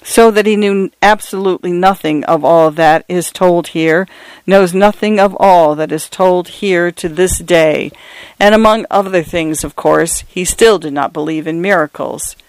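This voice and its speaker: A man narrating a story in a measured, deliberate manner. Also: high-pitched, smooth, dry recording.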